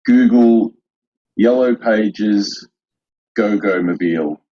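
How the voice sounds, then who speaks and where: A very deep-voiced Australian man speaks slowly in a recorded message, halting with lots of "uh" and swearing. His voice is husky. The recording sounds muffled and dull. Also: steady tone. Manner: hesitant, full of "uh", swears a lot.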